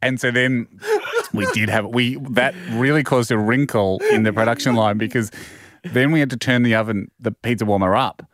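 A man's voice: medium pitch, steady tone, normal speed, a bit bright, no echo. A man in his thirties with an Australian accent, co-hosting a podcast and telling a rambling comedic anecdote full of restarts. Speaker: podcast co-host. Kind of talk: casual comedic storytelling.

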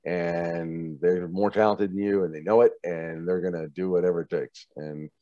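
A man's voice: low voice, normal speed, dry recording, lo-fi sound. A man, a TV producer, casually recounting stories from his career in an interview, acting out the voices of the people in them and laughing often. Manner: animated, acts out quoted voices, laughs often.

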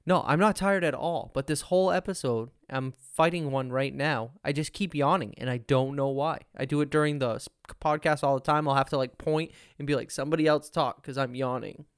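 A young man with a smooth, clean voice chats easily on a podcast and laughs often. The sound is dry and close, with no room around it. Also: fairly high pitch, fairly quick, hardly any pauses, dry recording. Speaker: podcast host. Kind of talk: casual podcast chat.

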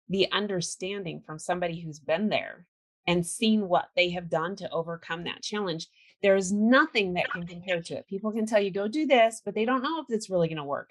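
A woman hosting an interview, talking in an earnest, emphatic, conversational way. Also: fairly low pitch. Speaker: podcast host. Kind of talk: casual interview chat.

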